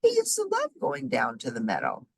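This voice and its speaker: A woman voicing a gentle, puzzled male elk in a storybook. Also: a bass voice, wildly swooping pitch, moderate pace, vocal fry, slightly rough, dry recording, exaggerated voice.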